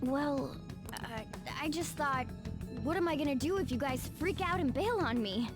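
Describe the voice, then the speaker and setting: A hesitant young teen character in a video game dub. Her voice sits high and light, with music playing clearly behind her. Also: expressive, normal speed. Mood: uneasy. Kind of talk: dubbed video game dialogue.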